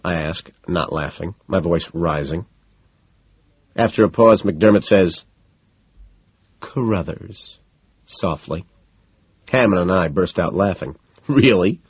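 A man narrating an audiobook in the first person, low-key and dejected. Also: measured pace, slightly rough, dry recording. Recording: dull lo-fi sound.

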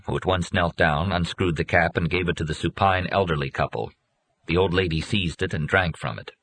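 Deep-voiced male audiobook narrator. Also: a bit bright, slightly rough.

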